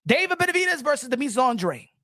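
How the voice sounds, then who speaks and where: A man's voice: very high-pitched, big pitch swings, fast talker, sharp tone, no room sound. Emphatic boxing commentator man, dry sound. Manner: emphatic, repetitive, asks the chat and answers himself. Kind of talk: animated solo commentary to viewers.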